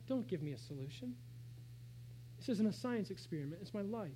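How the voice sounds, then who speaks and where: A man preaching a sermon, shifting between hushed, slow phrases and raised, emphatic calls. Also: high voice, lively intonation, slight background noise, rough recording. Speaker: pastor.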